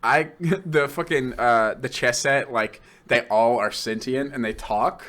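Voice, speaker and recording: A young man co-hosting a podcast, chatting casually about a film, excitable and profane, laughing as he retells scenes. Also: mid-range voice, unhurried. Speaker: podcast co-host. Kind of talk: casual film review chat.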